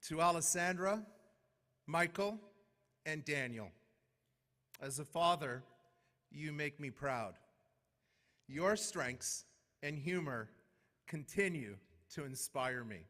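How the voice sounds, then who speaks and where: A middle-aged man, a mayor, giving a formal, measured inaugural speech full of heartfelt thanks. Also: on the high side, expressive, bright, forceful tone. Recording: long hall reverb.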